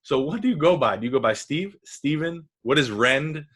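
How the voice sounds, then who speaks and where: A man's voice: a little high, animated, normal speed, a bit bright. A man hosting a baseball podcast, chatting in a friendly, joking way with his guest. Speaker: podcast host. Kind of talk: casual interview chat.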